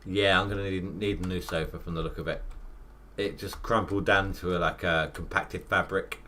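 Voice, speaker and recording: A man's voice: sits low, steady tone, pushed and bright, slight background noise. Rambling man in his thirties. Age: 30s. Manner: rambling, self-mocking, quick asides. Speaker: gaming livestreamer. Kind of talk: casual live gameplay commentary.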